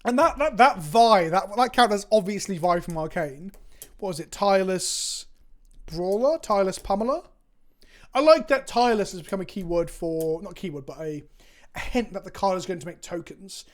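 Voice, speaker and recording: A man's voice: high-pitched, expressive, normal speed. Sweary, chatty English man streaming. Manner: rambling, sweary, self-mocking banter. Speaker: Magic card game content creator. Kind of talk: casual chat on a live stream.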